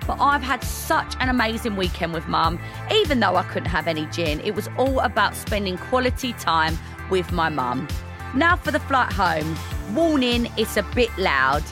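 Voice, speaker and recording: A young woman narrates with a wry, dry wit, her pitch moving in a lively way. Clear music plays behind her voice-over. She sounds easygoing and amused. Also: normal speed. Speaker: podcast host.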